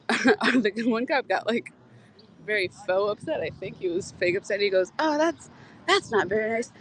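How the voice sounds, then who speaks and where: A woman's voice: mid-range voice, a bit bright, rough recording. A woman chatting casually on a livestream outdoors, rambling, laughing and swearing as she talks. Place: outdoors in a community garden. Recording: faint outdoor noise.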